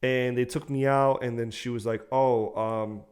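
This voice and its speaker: A man's voice: mid-range voice, a little slow. A young man co-hosting a podcast, telling a personal story in casual chat, swearing freely and acting out the people he quotes. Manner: animated, swears often, acts out quotes. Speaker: podcast co-host.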